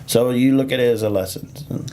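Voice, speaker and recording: A man's voice: mid-range voice, quick pace, dark tone, slight background noise. A man who does stand-up comedy, telling stories on a casual podcast with plenty of fillers, restarts and laughter. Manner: rambling, laughs often, lots of fillers and restarts.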